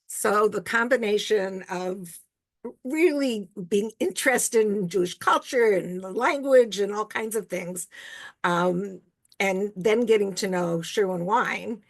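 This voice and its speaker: Older canadian lady rabbi taking questions on a video call, talks slow, gravelly voice, chuckles a lot. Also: mid-range voice, no room sound. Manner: reflective, chuckles often between remarks. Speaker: rabbi answering audience questions. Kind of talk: casual Q&A talk.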